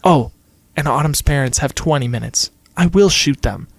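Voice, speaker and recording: A man's voice: a little high, expressive, moderate pace, no echo. A man reading the lines of a smug male villain taunting his victims over the phone.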